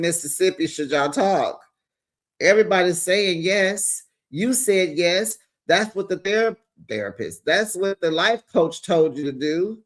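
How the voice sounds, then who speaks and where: A man hosting a casual reality TV recap, sassy and animated, talking straight to his viewers. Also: medium pitch.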